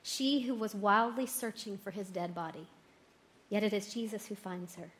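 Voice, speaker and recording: A woman reading a gospel passage aloud and reflecting on it, slow and expressive, lifting her voice for the quoted lines. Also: medium pitch. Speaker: scripture reader.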